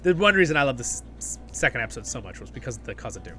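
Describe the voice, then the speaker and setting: Bright, lively man gushing in a review. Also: medium pitch, racing, soft background music. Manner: enthusiastic, rambling, keeps asking "right?". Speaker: host of a fan review channel. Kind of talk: casual episode review.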